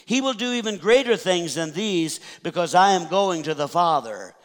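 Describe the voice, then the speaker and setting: A man preaching a Sunday sermon as pastor, reading scripture aloud and slowing down on the key phrases. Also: high voice, animated. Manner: reads scripture aloud, slows for emphasis. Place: church sanctuary. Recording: church hall reverb.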